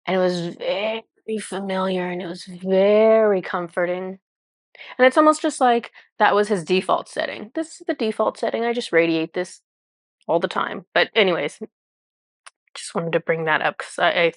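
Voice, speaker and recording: A woman's voice: lowish voice, a bit bright, no echo. This woman talks like a channeler explaining something she can barely put into words. She wanders, restarts and says "like" constantly in casual chat. The recording is dry and close. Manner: rambling, searching for words, many "like" fillers. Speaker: spiritual channeler.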